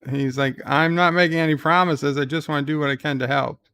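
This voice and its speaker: A man giving casual live commentary on a TV episode, loosely recapping scenes and reading viewer chat questions aloud, thinking out loud as he answers. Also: on the high side, fairly even intonation, fairly quick, clear, resonant tone. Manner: thinks out loud with fillers and restarts.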